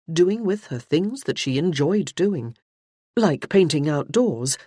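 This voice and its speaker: A woman narrating a historical romance audiobook in a measured, expressive reading. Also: deep voice, breathy edge, no echo, studio quality. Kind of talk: scripted narration.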